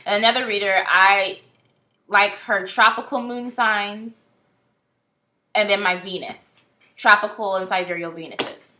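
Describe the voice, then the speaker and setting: A woman talks through a tarot spread in a loose, candid vlog manner, blunt and quick to swear. Her voice is bright and forceful, with a middling pitch. Faint background noise sits under her speech. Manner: chatty, blunt, animated, swears. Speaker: tarot reader. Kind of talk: casual tarot reading vlog.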